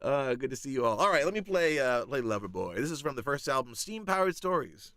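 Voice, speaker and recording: A man's voice: medium pitch, very animated, fairly quick. A man chatting casually on a live stream from his home music studio, easygoing and self-deprecating.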